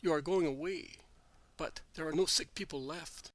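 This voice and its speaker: A man's voice: a little high, moderate pace, dry recording, lightly acted. A man voicing a grieving old father who pleads urgently and tearfully in a storybook reading. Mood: pleading. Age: older.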